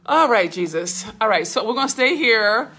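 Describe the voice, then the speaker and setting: Woman host, casual livestream patter, bright and forceful tone, phone mic at arm's length. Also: on the high side, expressive, moderate pace, husky. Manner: chatty, fussy, laughing, talks to viewers by name. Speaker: business mentor hosting a livestream. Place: hotel suite. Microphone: phone held at arm's length.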